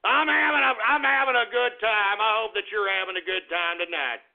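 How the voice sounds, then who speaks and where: A boisterous male radio host with a very high, gravelly voice who whoops, laughs and swears. He comes through a tinny, phone-like line with faint music underneath. It sounds like a rowdy call-in show. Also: brisk.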